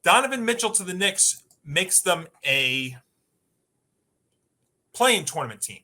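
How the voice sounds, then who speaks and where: Male sports show co-host, punchy, emphatic, very bright, fairly high voice. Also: very animated, measured pace. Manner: emphatic, rattles off lists. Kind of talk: sports talk debate.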